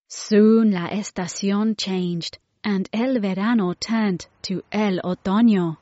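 Slow, clear woman reading a storybook. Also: medium pitch, fairly even intonation, darkish tone, no echo. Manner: slow, clear, mixing in Spanish words. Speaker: storybook reader. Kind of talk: children's storybook read-aloud. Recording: dull lo-fi dry recording.

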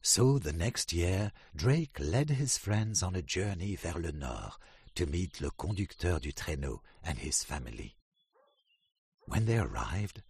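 A man with a very low, husky voice reads a children's story aloud. He goes slowly, with a lively rise and fall in his pitch. The sound is dry and close. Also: dry recording. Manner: slow, expressive read-aloud. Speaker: storybook narrator. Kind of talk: children's storybook reading with glossary.

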